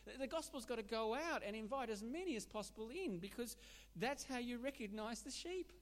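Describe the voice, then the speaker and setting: Animated male preacher in a reverberant hall. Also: very high voice, brisk. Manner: animated, emphatic, with restarts. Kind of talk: sermon.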